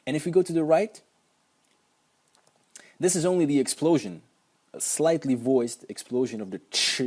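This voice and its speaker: A man's voice: mid-range voice, normal speed, long pauses, darkish tone, slightly rough. A man teaching pronunciation at a whiteboard, patiently repeating sounds for the learner. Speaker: language teacher.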